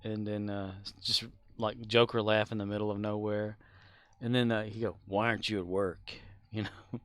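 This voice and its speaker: A man streaming a game chats casually and rambles on, laughing often as he talks. His voice is fairly low with little pitch movement, smooth, at a moderate pace, and there's no echo.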